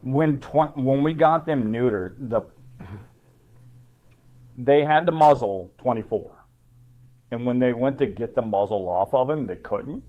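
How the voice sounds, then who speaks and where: A man chatting casually at a game table, telling a profane, animated story. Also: mid-range voice, a little slow, pauses often, narrow, tinny audio. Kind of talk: casual chat.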